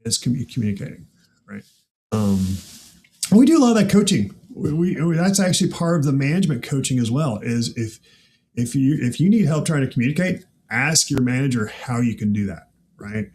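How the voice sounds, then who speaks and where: A man who grew up in the Midwest, hosting a casual chat with an animated, laughing manner and frequent rhetorical asides. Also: medium pitch, a little fast. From American Midwest. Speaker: podcast host.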